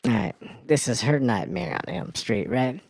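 A man voicing a brash, foul-mouthed woman who reads crude news and weather on a comedy radio show, ranting with a gravelly sass. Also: on the high side, very animated, moderate pace, no echo, studio quality, heavily acted. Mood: sassy. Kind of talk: comedy radio character bit.

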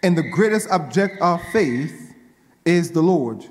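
A man's voice: on the high side, animated, a little slow, darkish tone, long reverb tail. A male pastor preaching a sermon, repeating his lines and working himself up with call-and-response.

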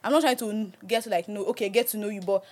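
A young woman with a Nigerian accent, co-hosting a casual podcast chat in an animated, emphatic way and slipping into Pidgin. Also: mid-range voice, quick pace. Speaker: podcast co-host.

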